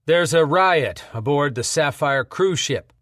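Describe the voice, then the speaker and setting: A man voicing a calm Marine tending a wound, speaking in a nonchalant, practical way. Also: mid-range voice, fairly quick, no echo, studio quality, natural voice. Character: calm, matter-of-fact male Marine medic.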